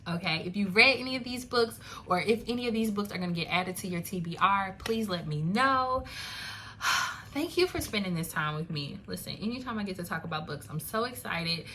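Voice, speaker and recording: A young woman chatting into a phone camera at home, lively and loose, full of "like" and "y'all" asides. Her voice is bright and forward. A faint room hum sits behind her. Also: medium pitch, a little fast. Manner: chatty, animated, laughing asides, lots of "like" and "y'all". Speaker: book reviewer. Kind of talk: casual chat.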